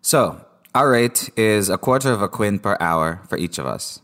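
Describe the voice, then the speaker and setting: A man's voice: on the low side, expressive, moderate pace, fairly bright tone. A man playing a tabletop game in a playful way, laughing often. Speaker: player. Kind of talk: casual tabletop game play.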